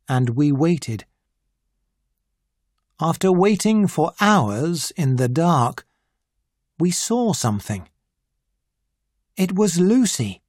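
An audiobook narrator reading a simplified classic story in a clear, deliberate way. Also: medium pitch, dry recording, clean studio sound.

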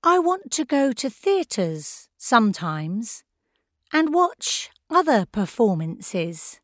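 A woman's voice: on the high side, sing-song, slow, no room sound, studio quality. A woman voicing a determined fourteen-year-old girl, earnest and pleading in a raised voice.

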